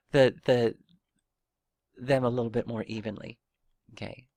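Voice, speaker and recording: Man talking through a software tutorial. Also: on the low side, fairly even intonation, normal speed, pauses often, dry recording, studio quality. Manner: thinks aloud, rambling with fillers and restarts. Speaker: 3D modeling tutor. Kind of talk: casual screen-recorded software tutorial.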